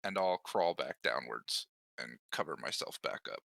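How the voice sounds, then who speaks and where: A man playing a tabletop game, relaxed with dry humor. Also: extremely low pitch, normal speed, vocal fry, no room sound. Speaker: player. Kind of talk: casual tabletop role-play.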